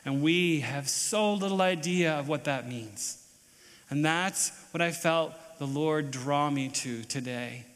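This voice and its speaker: A man's voice: fairly high pitch, takes it slowly, fairly bright tone. A man preaching a chapel sermon, building an emphatic repeated litany. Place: large chapel hall. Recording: long hall reverb.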